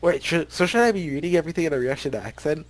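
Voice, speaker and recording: This let's play gamer has a slightly high, expressive voice and speaks quickly. Sitting at home in his bedroom, he reads the text of a visual novel aloud and chats about it in a giggly, rambling way, frequently tripping over words.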